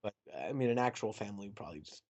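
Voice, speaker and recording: A man's voice: on the low side, very fast, highs cut off. Chatty young man podcasting. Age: young adult. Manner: chatty, animated, mocking asides. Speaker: podcast co-host. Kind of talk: casual chat.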